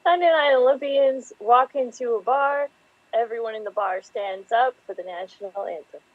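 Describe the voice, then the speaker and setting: A woman's voice: fairly high pitch, moderate pace, dry recording. Understated female improv player, tinny, dry phone-like audio.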